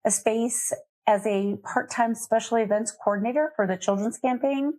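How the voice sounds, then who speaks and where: A middle-aged woman from Colorado, a guest on an interview, telling candid, lively stories from her life. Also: a little high, normal speed. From Colorado, USA. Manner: candid, lively anecdotes with laughter. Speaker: guest, nonprofit foundation CEO. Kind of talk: conversational storytelling.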